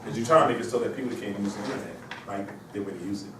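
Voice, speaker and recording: Heard from far away in an echoey university classroom amid heavy background noise, a man with a cold lectures very fast in a fairly low voice. He rambles and keeps tossing out rhetorical questions.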